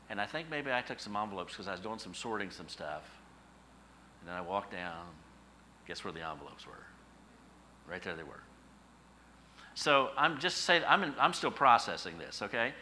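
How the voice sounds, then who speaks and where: A middle-aged male pastor preaching a sermon, telling stories with emphatic, animated repetition. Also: on the low side, a little hiss or hum, low-quality recording.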